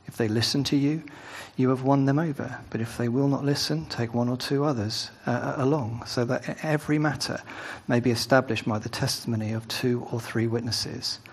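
A man's voice: medium pitch, fairly even intonation, normal speed, few pauses, breathy edge. A man preaching a sermon, first reading scripture aloud, then talking it through conversationally with asides and tag questions.

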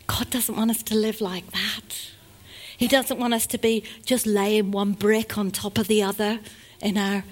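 A woman preaching a sermon to a congregation, swinging between loud exhortation and hushed asides. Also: medium pitch.

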